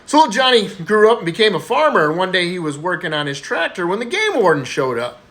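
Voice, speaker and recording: A man's voice: high-pitched, big pitch swings, fast, a bit bright. A man telling a string of jokes, voicing the characters and laughing at his own punchlines. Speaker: joke teller.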